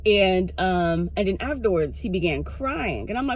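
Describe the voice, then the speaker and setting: A woman vlogger telling a personal story to her camera in a frank, animated way, swearing freely. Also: medium pitch, moderate pace, few pauses, slight background noise. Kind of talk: casual storytime monologue. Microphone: self-recorded on camera. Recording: dull lo-fi sound.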